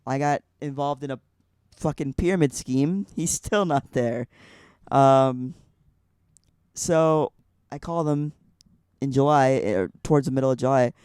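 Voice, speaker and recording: A man's voice: mid-range voice, unhurried, long pauses, darkish tone, clean tone, dry recording, studio quality. A young man from Illinois telling a personal story on a podcast, rambling with lots of "like" fillers. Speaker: podcast guest. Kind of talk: casual storytelling.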